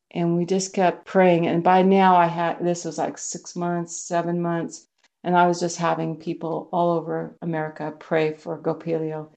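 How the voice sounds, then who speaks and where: A woman with a low, gravelly voice gives an earnest personal testimony as an interview guest. She tells her story like a storyteller and acts out what others said. Her tone is dark and mellow. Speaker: missionary guest.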